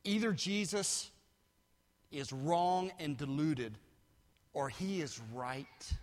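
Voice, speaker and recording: A male pastor preaching a sermon, swinging from quiet asides to shouted peaks. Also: takes it slowly. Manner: builds from low asides to shouted climaxes. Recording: long hall reverb.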